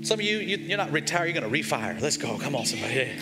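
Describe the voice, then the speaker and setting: A man's voice: a little high, sing-song, very fast. A man in his forties, a pastor preaching to his congregation with emphatic call-and-response. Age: 40s. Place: large church sanctuary. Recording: long hall reverb, faint music underneath.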